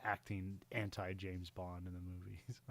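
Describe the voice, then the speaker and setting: A man's voice: low voice, unhurried. Rambling, laughing male film podcaster. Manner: rambling, laughs often, animated when excited. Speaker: podcast co-host. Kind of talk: casual film podcast chat.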